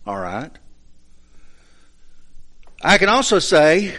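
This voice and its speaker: A man's voice: medium pitch, very animated, fairly bright tone. A man teaching a Bible study lesson, explaining points step by step and checking in with his listeners. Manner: explains slowly, checks understanding with asides.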